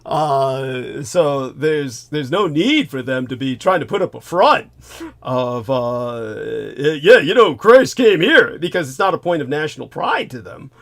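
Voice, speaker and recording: A man in a casual conversation who laughs often while he speaks. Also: mid-range voice. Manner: laughs often, slow and lively.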